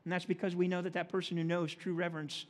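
A man with a high voice preaches in a church sanctuary, and a long reverb hangs after his words. He reads scripture in a slow, measured way. Between verses he speaks plainly, with homely asides for the congregation. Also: level tone. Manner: reads scripture slowly, then talks plainly with folksy asides. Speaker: pastor. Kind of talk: sermon. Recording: long reverb of a large hall.

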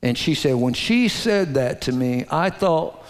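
A man preaching a sermon, telling a story in a folksy way and dropping to a hushed low voice to stress his points. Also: expressive, unhurried, hardly any pauses. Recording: long hall reverb.

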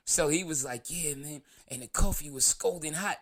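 A man's voice: on the high side, moderate pace. A man from New York hosting his own show, telling a rambling story in casual talk, laughing and swearing as he goes. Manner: rambling, laughs through the story, loose profanity. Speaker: show host.

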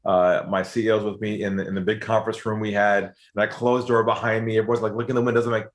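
A man telling a sales story in conversation, lively and animated, acting out the other voices he quotes. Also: rapid-fire, few pauses. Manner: lively, acts out quoted voices, rises in pitch when excited.

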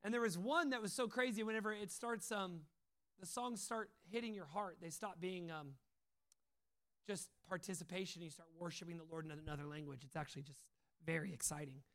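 High-voiced man preaching with stories. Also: fairly quick. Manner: animated storytelling, acts out quotes, laughs often. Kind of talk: sermon with personal stories.

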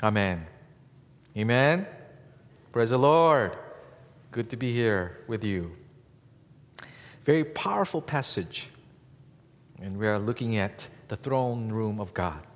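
Slow-preaching pastor in an echoing hall. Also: male voice, on the low side, lively intonation. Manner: slow, measured delivery with emphatic rises on key words. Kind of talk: sermon. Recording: long reverb from a large hall.

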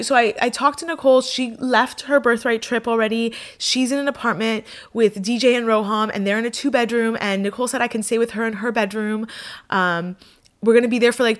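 A woman casually telling a personal travel story to camera, chatty and animated, with many fillers. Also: a little high. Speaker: vlogger.

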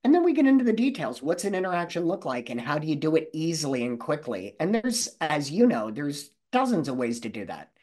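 A man's voice: a little high, big pitch swings, a little fast, hardly any pauses, a little mellow. A man who trains salespeople, answering interview questions in a confident, coaching manner.

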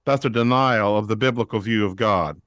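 Male guest, teaching-preacher delivery, animated quotes, dry close mic. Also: fairly low pitch, normal speed, no echo. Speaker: guest, pastor-author on prayer. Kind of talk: teaching interview answer.

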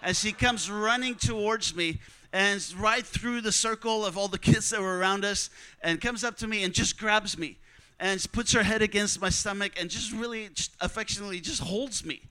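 A high, bright man's voice with a clean, smooth tone tells a personal testimony. He tells it like a lively storyteller and slips into the voices of the people he quotes. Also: moderate pace, low-quality recording. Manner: vivid storyteller who acts out quoted dialogue. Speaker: speaker telling a mission testimony.

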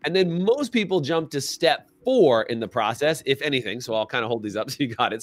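A man co-hosting a business coaching podcast talks animatedly in a mid-range voice at normal speed with few pauses, acting out little quoted dialogues. He asks listeners to comment in the chat, and the recording is dry.

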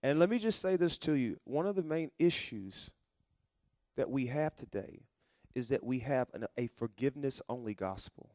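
Emphatic preaching man, rising to loud peaks. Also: mid-range voice, lively intonation, moderate pace, no room sound, clean studio sound. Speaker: pastor. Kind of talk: sermon.

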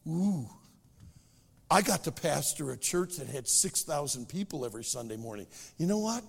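Animated, raspy preacher in a reverberant hall. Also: male voice, high voice, normal speed. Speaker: pastor. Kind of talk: sermon.

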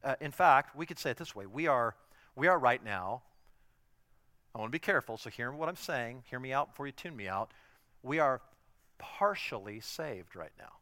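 A man preaching a sermon as pastor, emphatic, swinging from loud declarations to hushed asides. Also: medium pitch, animated, normal speed, pauses often, dry recording. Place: church in Southern California.

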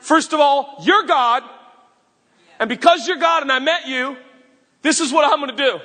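An overjoyed, repentant tax collector makes a loud, eager announcement, voiced by a man. The voice is high and bright, with a husky grain. It rings out in a reverberant hall. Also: moderate pace. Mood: elated.

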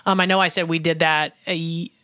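A woman's voice: deep voice, flat delivery, fairly quick, fairly bright tone, dry recording, studio quality. A woman in her thirties co-hosting a faith podcast, chatting casually and laughing often as she tells stories. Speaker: podcast co-host. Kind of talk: casual chat.

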